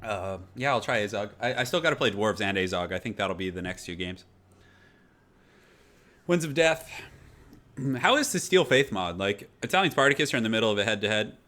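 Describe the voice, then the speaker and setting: A young man casually chatting through a live gaming stream, reading out viewer messages in a relaxed, rambling way at a desk microphone. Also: on the low side, fairly quick, pauses often. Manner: relaxed, chatty, reads chat aloud.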